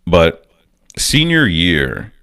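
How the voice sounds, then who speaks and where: Deep-voiced man with lively pitch. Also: very slow. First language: French. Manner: laughing storyteller, swearing, animated retelling. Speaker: podcast guest. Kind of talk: casual chat.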